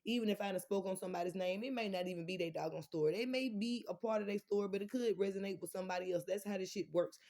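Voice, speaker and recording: A woman's voice: mid-range voice, rapid-fire, few pauses, warm tone. A woman chatting casually with her viewers from home, blunt and profane, rambling from one thought to the next as she speaks straight to them. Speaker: vlogger talking to viewers. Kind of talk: casual unscripted livestream chat.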